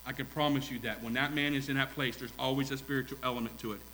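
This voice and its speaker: Married man preaching with bright emphasis. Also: medium pitch, steady tone, fast talker, a little hiss or hum, rough recording. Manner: preaching with rising emphasis and repetition, asking the congregation questions. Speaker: pastor. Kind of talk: sermon.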